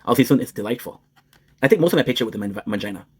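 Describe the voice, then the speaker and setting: A man's voice: mid-range voice, lively intonation, racing. A young man streaming, joking crudely and rambling as he switches between English and French. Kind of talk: casual joking chat.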